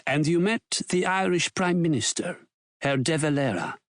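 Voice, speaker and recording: A man's voice: a little high, normal speed, dry recording, clean studio sound, natural voice. A man voicing a sly, sardonic Nazi Reichsmarschall who asks mocking, probing questions.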